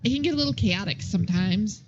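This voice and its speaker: A woman's voice: medium pitch, expressive, quick pace, lo-fi sound, slight background noise, natural voice. A woman voicing an eager, nosy schoolgirl friend who gushes and fires off questions. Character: gushing gossipy schoolgirl best friend.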